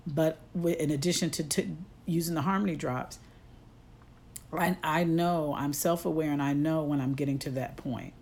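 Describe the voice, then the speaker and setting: A woman's voice: low-pitched, steady tone, moderate pace, a little mellow. A woman life coach giving a motivational livestream talk from her phone. She speaks conversationally but with a preachy edge and talks straight to her listeners. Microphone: phone on a live stream.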